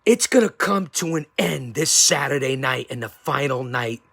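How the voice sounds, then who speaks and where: A man hosting a show, delivering a theatrical wrestling-style hype promo that swings from yelling to hushed threats. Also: mid-range voice, expressive, normal speed, vocal fry, no room sound. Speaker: show host.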